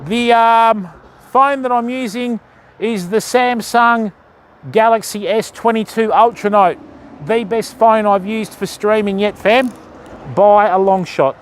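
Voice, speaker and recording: A man's voice: sits high, fairly even intonation, slow pace, slight background noise. An Australian man live-streaming his fishing on a phone, chatting in a matey, easygoing way and greeting viewers by name. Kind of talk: casual live-stream chat.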